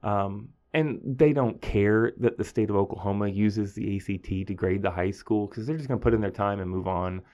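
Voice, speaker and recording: Animated storytelling teacher. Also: male voice, moderate pace, few pauses. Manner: animated storytelling, acting out students in a higher voice. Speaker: high school teacher. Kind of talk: casual podcast monologue.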